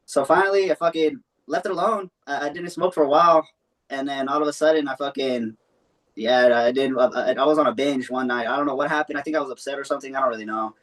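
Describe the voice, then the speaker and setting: A man's voice: mid-range voice, fast talker, fairly bright tone. A young man telling a long personal story in a loose, rambling way, full of swearing and fillers. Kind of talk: casual storytelling.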